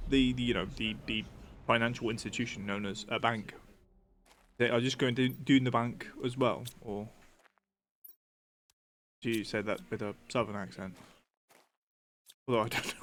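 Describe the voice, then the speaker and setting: A man's voice: mid-range voice, fairly bright tone, slight background noise. A man streaming a game and chatting casually, musing aloud with lots of fillers and restarts. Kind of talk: casual live-stream chat.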